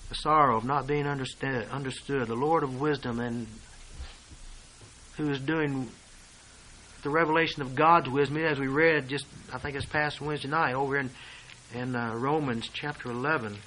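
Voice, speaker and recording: A man preaching a sermon, reading and explaining scripture verse by verse and swinging between hushed asides and loud declarations. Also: medium pitch, fairly even intonation, moderate pace, a little hiss or hum, poor audio.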